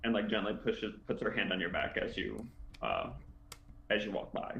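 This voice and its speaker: A man narrating a tabletop game as game master, halting with many fillers, over an online call. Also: on the low side, big pitch swings, gravelly, fairly bright tone. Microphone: computer mic, online call. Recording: echoey room, dull lo-fi sound, faint hiss.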